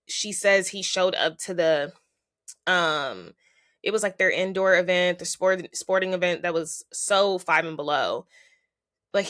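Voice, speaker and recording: A woman's voice: medium pitch, a bit bright, no echo, studio quality. A woman hosting a podcast, talking in a chatty, opinionated way with lots of fillers. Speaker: podcast host. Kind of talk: casual chat.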